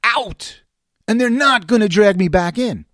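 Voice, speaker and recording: A man's voice: sits high, measured pace, fairly bright tone, dry recording, clean studio sound. A middle-aged man from New York in a casual monologue, telling a story with exasperation and acting out the other people's lines. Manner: exasperated ranting. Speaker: vlogger.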